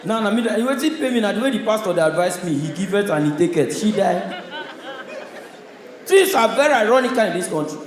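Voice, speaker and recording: Loud Nigerian stand-up comedian, echoey venue. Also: male voice, high voice, expressive, a little fast, a faint crowd. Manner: loud, punchy storytelling in pidgin. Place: comedy stage.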